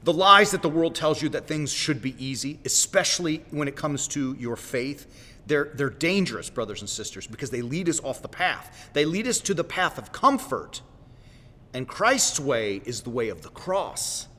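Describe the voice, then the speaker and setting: A man's voice: on the high side, very animated, moderate pace, bright, forceful tone. A man hosting a Christian livestream, preaching informally in a folksy, direct way and often stopping to correct himself and apologize. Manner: rambling, self-correcting, apologetic asides; folksy, direct, with repeated "right?". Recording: long reverb in a roomy space.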